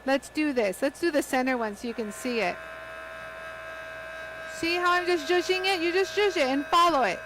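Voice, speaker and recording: A woman with a high, lively voice hosts a live hands-on craft demo. She chats eagerly with her viewers and gushes as she goes. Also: normal speed, pauses often, background noise. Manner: chatty, excitable, talks straight to viewers. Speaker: host of a live lapidary demo. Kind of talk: live product demonstration.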